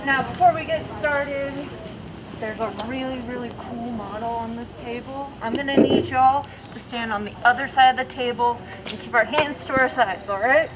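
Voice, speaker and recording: A woman's voice: fairly high pitch, moderate pace, noisy background. A woman educator leading students around a model, asking questions and laughing easily. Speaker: station educator. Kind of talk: hands-on classroom lesson.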